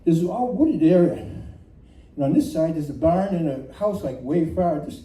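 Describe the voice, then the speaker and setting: A man telling a comic true story at a live storytelling night, animated and self-mocking, often laughing as he talks. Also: a little high, normal speed. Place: community center room. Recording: echoey room from far off, faint noise.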